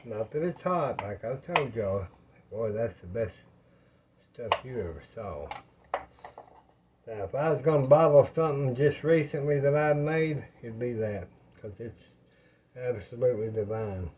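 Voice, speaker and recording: Man, home cooking vlogger, slow unhurried folksy patter, faint room hiss behind. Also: medium pitch, animated, a little mellow, highs cut off. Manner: folksy, rambling, talks to viewers as y'all. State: out of breath. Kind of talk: casual cooking talk to viewers. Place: home kitchen.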